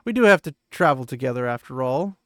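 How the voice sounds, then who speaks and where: A man doing a gentle young noblewoman. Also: mid-range voice, animated, quick pace, no echo, studio quality, close to an everyday voice. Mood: mild.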